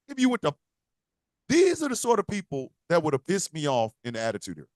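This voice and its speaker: A man's voice: on the high side, huge pitch swings, fairly quick, dry recording, clean studio sound. A man co-hosting a casual wrestling podcast, ranting with profanity and slipping into mock voices. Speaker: podcast co-host.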